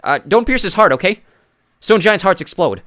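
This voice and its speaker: A man's voice: high-pitched, animated, normal speed, fairly bright tone, no room sound, studio quality, voice pushed up. A man voicing a male talking magic sword who calls out weakly and hesitantly. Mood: nervous. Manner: weak, nervous, hesitant.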